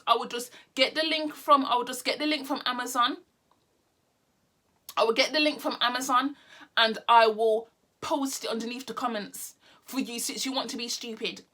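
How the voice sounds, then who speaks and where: A woman's voice: on the high side, bright, forceful tone. A young woman from the United Kingdom, angrily ranting to camera in a blunt, sarcastic vlog with plenty of swearing. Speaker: vlogger. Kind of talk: heated opinion rant to camera.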